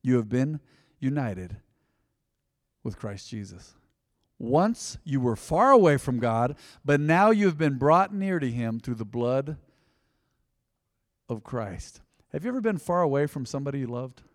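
Speaking slowly with long pauses, this American pastor has a mid-range voice with big pitch swings that carries through a large church hall. His sermon is conversational and full of stories, and he regularly calls out to the congregation to engage them.

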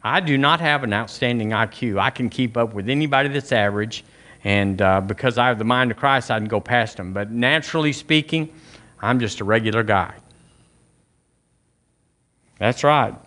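A man's voice: mid-range voice, normal speed, bright, forceful tone. A man preaching a sermon, talking conversationally to the congregation and asking them questions, often restarting and repeating phrases. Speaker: pastor.

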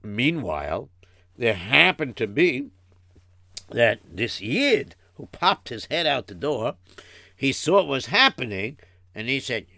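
A man's voice: medium pitch, big pitch swings, takes it slowly, creaky, pushed and bright, no room sound, studio quality. A man narrating a story in a loose, conversational way.

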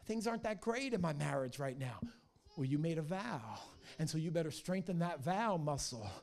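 Middle-aged male pastor, high voice, energetic, jokey sermon delivery. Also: moderate pace, creaky. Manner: energetic, joking and animated storytelling.

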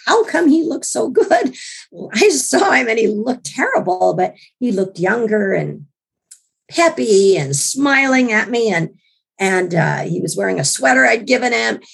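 A woman being interviewed as the author of a book, telling a personal story in an earnest, animated way with frequent restarts. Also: a little high, a little slow, gravelly, breathy edge. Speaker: guest author.

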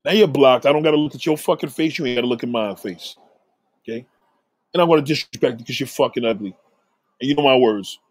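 A man hosting a livestream, ranting profanely and repetitively at a viewer in chat and giving shout-outs to supporters. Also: mid-range voice, fast talker, no echo. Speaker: livestream host reading chat. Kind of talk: casual livestream rant.

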